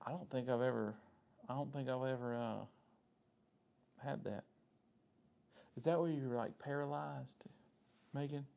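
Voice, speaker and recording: Gravelly Southern man chatting with viewers. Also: medium pitch, steady tone, a little slow, pauses often, warm tone. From Southern United States. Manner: rambling, friendly, answers chat comments by name. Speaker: live-stream host. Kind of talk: casual live-stream chat with viewers.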